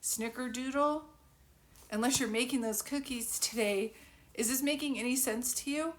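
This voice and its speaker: This psychic medium speaks at normal speed in a voice on the high side, with slight background noise. During her live phone reading she rambles, thinks aloud, and giggles often in a casual manner.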